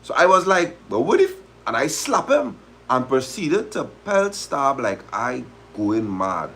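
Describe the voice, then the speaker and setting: A man's voice: medium pitch, big pitch swings, a little slow, creaky, sharp tone, a little hiss or hum. A man hosting a live stream, reading a story aloud in dialect and reacting to it animatedly. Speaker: host of a live talk stream.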